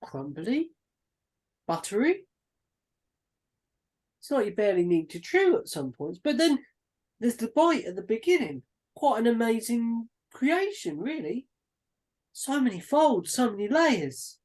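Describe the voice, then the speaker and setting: A woman speaking in character during a tabletop game, relaxed and playful, describing food in lively detail. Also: a little high, a little slow, pauses often. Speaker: player.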